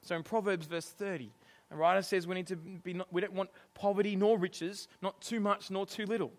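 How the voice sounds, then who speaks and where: Lively, high-voiced male preacher. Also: a little fast. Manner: animated, laughs often, acts out exasperated quotes. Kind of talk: sermon.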